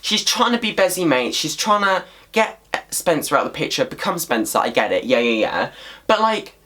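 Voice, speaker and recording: A man ranting casually to camera as a vlogger, swearing freely in an animated, exasperated way. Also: on the high side, normal speed.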